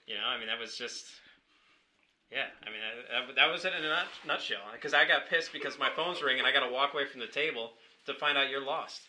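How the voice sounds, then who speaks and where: Young guy on a podcast, really bright voice, lotsa ums and a blunt cuss or two. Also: medium pitch. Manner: halting, filler-heavy reminiscing, blunt profanity. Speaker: podcast guest. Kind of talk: casual chat.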